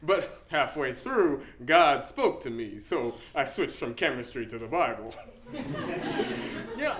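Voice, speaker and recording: Young man playing a wry pastor facing ALS. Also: on the high side. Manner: shifts from wry humor to quiet gravity, with soft laughs. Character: middle-aged male pastor with ALS, wry, facing death. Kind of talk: dramatic interpretation performance. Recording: echoey hall.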